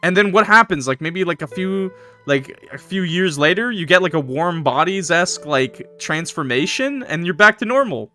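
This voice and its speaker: A man's voice: high-pitched, lively intonation, normal speed, sharp tone, faint music behind. A man streaming a horror visual novel, reading it aloud and breaking off for jokey, chatty asides to his viewers. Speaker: game streamer.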